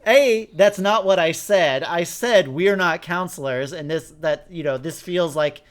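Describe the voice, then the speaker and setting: A man co-hosting a casual podcast, recapping an episode and mocking the characters in quick put-on voices. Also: high voice. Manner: animated, jumps into mocking voices when quoting characters. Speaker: podcast co-host.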